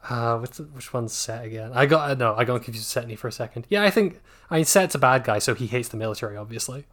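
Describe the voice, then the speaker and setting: A man co-hosting a casual book podcast, making sarcastic deadpan jokes and swearing casually. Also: medium pitch, quick pace. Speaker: podcast co-host. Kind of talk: casual book-discussion chat.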